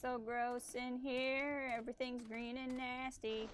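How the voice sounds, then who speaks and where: A woman's voice: on the high side, level tone, unhurried, a little hiss or hum. A woman streaming a video game, chatting casually and reacting aloud as she plays. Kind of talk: casual live-stream commentary.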